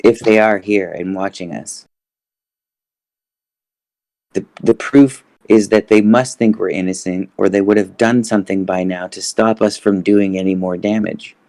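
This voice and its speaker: A man's voice: on the low side, steady tone, measured pace, a little mellow, no room sound. A man in a casual roundtable discussion, musing and hesitant as he thinks aloud. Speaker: roundtable guest.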